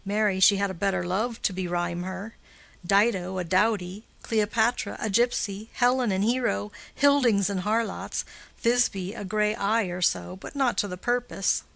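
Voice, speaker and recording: Storybook reading of a witty, mocking young nobleman read by a woman, mid pitch, dry close sound. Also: fairly even intonation, normal speed, creaky, a bit bright, no echo.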